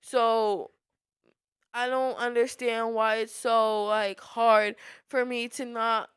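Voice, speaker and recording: A woman's voice: on the high side, level tone, slow, clean tone, no room sound. A teenage girl hosting her own podcast, venting frankly and peppering her talk with "like". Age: teens. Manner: frank and fired-up, heavy use of filler like. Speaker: podcast host.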